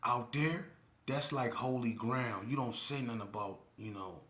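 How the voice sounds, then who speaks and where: A man's voice: mid-range voice, measured pace, a bit bright, echoey room. A middle-aged man from Las Vegas telling a story in a loose, casual way, often saying "you know what I'm saying". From Las Vegas, Nevada.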